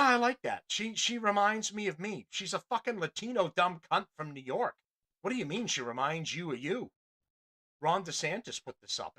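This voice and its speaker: A man's voice: on the high side, sharp tone. A male podcast host in an angry, profane and rambling political rant.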